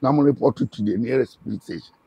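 A man with a Ghanaian accent, a guest telling his story in an animated, casual way and acting out what others said. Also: medium pitch, fast, slightly rough, no echo. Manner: animated, quotes others in dialogue. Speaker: interview guest.

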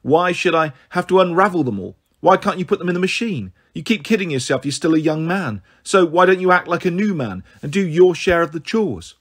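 A man's voice: on the high side, expressive, a little fast, hardly any pauses. A man reading the part of a weary, resentful stepmother in a storybook. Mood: bitter. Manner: tired and resentful. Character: weary, bitter adult woman, a stepmother.

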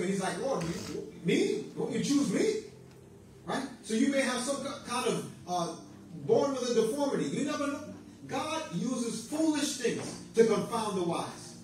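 Male preacher, high voice, exhorting sermon, call-and-response amens, heavy church echo, distant mic. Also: slight background noise. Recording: very echoey room, mic at a distance.

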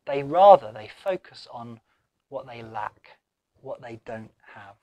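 A man's voice: medium pitch, lively intonation, measured pace, warm tone, dry recording. A man with an English accent preaching a sermon in an earnest, questioning way, his voice swelling and then dropping almost to a whisper. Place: church.

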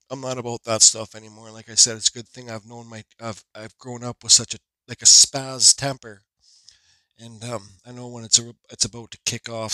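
A man in his forties telling a rambling, animated story in a casual vlog voiceover. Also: medium pitch, dry recording. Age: 40s. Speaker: woodcarving channel host.

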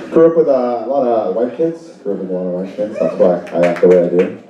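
A man doing a stand-up set on stage, Spanish his first language, lively and quick to slip into put-on voices, with an audience laughing. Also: muffled recording. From Salvadoran and Brazilian family. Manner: animated, jumps into high put-on voices for bits. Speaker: stand-up comedian. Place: comedy club stage. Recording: distant mic in a noisy, echoey club.

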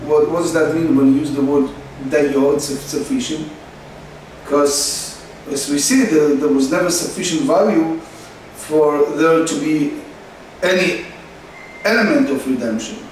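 Man, Talmud lesson, slow halting explanation, faint background noise. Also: fairly high pitch, darkish tone, far from the mic. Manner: slow, halting delivery, reading Aramaic then translating. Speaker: Talmud teacher. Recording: echoey room, faint noise.

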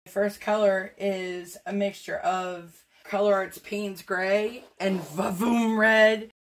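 A woman's voice: medium pitch, fairly even intonation, slow. A woman painter demonstrating fluid art, chatting in a joking, self-deprecating way and talking through each step as she works. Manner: talks through each step while working.

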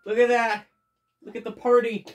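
A let's play host giving excitable game commentary with loud bursts of cheering and frequent swearing. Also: mid-range voice, moderate pace. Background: faint game music.

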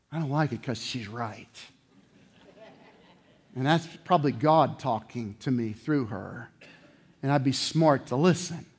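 A middle-aged male pastor preaches an animated sermon, acting out little voices and swinging between loud outbursts and low asides.

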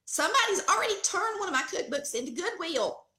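Southern middle-aged woman, high lively voice, folksy storyteller, bright tone in an echoey kitchen. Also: a little fast, slight background noise. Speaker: cooking channel host. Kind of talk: casual storytelling chat.

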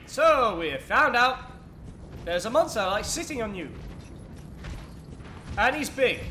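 A man's voice: very high-pitched, sing-song, a little slow, pushed and bright, a little hiss or hum. A man commenting on his own gameplay, panicky, yelping and swearing as he plays. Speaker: gaming channel host. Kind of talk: let's play commentary. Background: game music.

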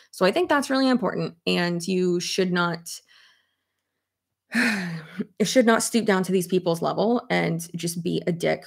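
A young adult woman in casual commentary chat, talking to her audience, animated and swearing freely, with many fillers. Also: medium pitch, creaky. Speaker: commentary YouTuber.

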